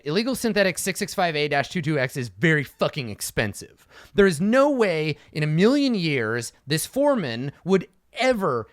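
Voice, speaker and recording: A man preps a tabletop session out loud as game master, thinking in loose fragments and swearing freely. His voice sits a bit high and swings widely in pitch. The sound is close and dry. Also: smooth, no room sound. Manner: thinking aloud, animated, swears freely, acts out quotes. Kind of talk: casual solo campaign prep talk.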